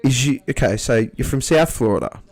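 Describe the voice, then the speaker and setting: A man's voice: medium pitch, lively intonation, fairly quick, a little mellow, soft background music. A man hosting a casual chat, enthusiastic and rambling with many restarts. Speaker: livestream host. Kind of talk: casual interview chat over beers.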